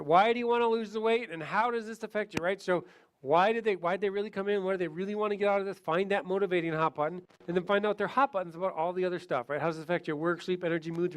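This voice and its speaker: High-voiced man teaching a sales seminar. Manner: animated, acts out client dialogue. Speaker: seminar speaker.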